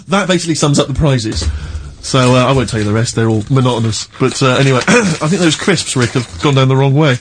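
A man's voice: mid-range voice, slight background noise. A man hosting a radio show, reading out prizes and chatting casually with his co-hosts. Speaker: radio host.

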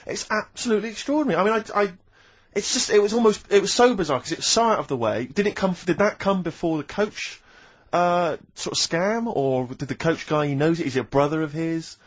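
A man in casual chat, telling anecdotes in an animated way. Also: high voice, fairly quick, husky. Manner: animated storyteller, does voices in anecdotes. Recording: dull lo-fi recording.

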